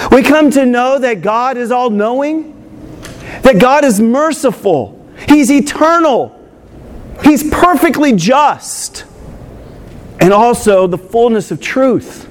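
A priest preaching a homily in a strikingly high voice. He gets excited and stresses words, slowing right down on the key phrases. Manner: excited, emphatic preaching with slow drawn-out phrases.

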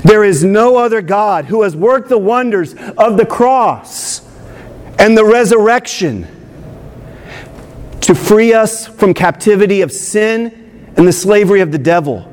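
A priest preaching a homily in a strikingly high voice. He gets excited and stresses words, slowing right down on the key phrases. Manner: excited, emphatic preaching with slow drawn-out phrases.

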